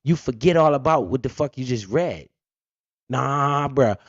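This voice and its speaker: Unhurried and animated at a medium pitch, a male finance streamer breaks topics down in plain, heavily profane terms, quizzing himself and supplying the answers. The lo-fi stream audio sounds dull, with no room sound.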